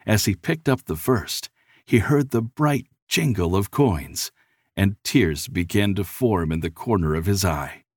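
A man narrating a storybook tale in an expressive, measured reading style. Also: deep voice, breathy edge, no room sound, studio quality.

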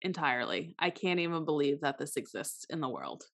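Softly reacting woman co-host. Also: deep voice, sing-song, brisk. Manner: quiet listener, short affirming replies. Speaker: podcast co-host. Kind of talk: casual chat.

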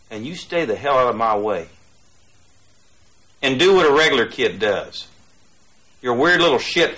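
An actor playing a crude, bullying man who lays down rules with gruff, profane swagger. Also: mid-range voice, fairly bright tone. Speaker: film character.

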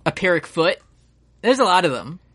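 A man's voice: high voice, big pitch swings, normal speed, fairly bright tone. Rambling, swearing male podcast co-host. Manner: rambling, swears, many fillers and restarts. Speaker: English teacher. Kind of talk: casual chat.

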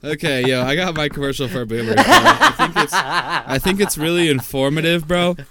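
A young man co-hosting a podcast, excitable and slangy, calling his friends "bro". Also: a little high, normal speed, a loud crowd. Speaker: podcast co-host. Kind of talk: casual chat.

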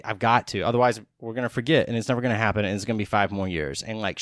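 A man's voice: medium pitch, no room sound, clean studio sound. A man in his thirties from Texas hosting a podcast, talking loosely and casually and swearing often. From Texas, USA. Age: 30s. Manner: loose and profane, lots of restarts. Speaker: podcast host. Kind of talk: casual monologue.

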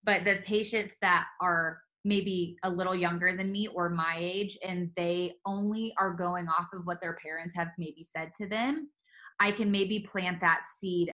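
A woman's voice: fairly low pitch, steady tone, measured pace, sharp tone, low-quality recording. A woman in casual conversation, supportive and chatty.

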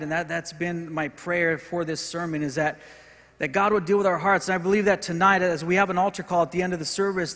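Earnest preacher man in a reverberant hall. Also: high-pitched. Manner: earnest preaching, rising in intensity and dropping to soft, repeated words. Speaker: pastor. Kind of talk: sermon. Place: church sanctuary.

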